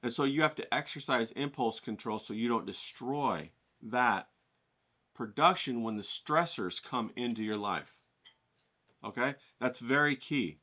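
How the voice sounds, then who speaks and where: A man teaching an art class in a motivational, coaching way, often checking in with the listener and rising with excitement. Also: unhurried. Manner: animated, rises in pitch when excited.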